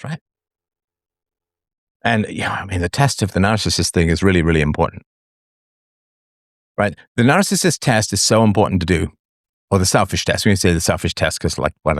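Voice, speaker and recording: A middle-aged man holds forth as host of a live call-in show, his pitch swinging widely as he acts out the people he quotes. The sound is close and dry, with no room around him. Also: fairly quick, long pauses, dry recording. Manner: animated, acts out quoted voices, sings snatches. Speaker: podcast host. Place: online audio space.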